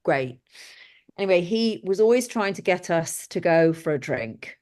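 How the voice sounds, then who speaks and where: A middle-aged woman telling lively, blunt stories as an interview guest. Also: on the low side, measured pace. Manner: lively anecdotal, blunt and exclamatory. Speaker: guest, film set decorator. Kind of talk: casual interview storytelling.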